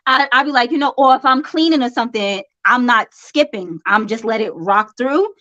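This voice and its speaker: A woman's voice: a little high, expressive, normal speed, sharp tone, no echo. Playful New York woman, dull lo-fi. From Brooklyn, New York. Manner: playful, laughs often. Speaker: podcast co-host. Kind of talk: casual podcast chat. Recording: dull lo-fi sound.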